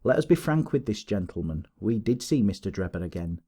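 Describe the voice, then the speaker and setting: A man voicing a calm, firm young woman who speaks in a clear, steady manner. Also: lowish voice, moderate pace, lightly acted.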